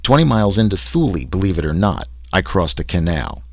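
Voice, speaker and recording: Wry sarcastic explorer guy, man reading, low voice, dry. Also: very animated, a little fast, vocal fry, no echo, exaggerated voice. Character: wry male explorer recounting his trek.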